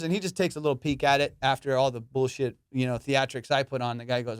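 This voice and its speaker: A man with a high, smooth voice spins a profane, comic story, slipping into the voices of the people he describes. The sound is dry and close, with no room around it. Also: fairly quick, no room sound. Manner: profane, animated, acts out voices in his stories. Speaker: podcast host. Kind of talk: casual comedic storytelling.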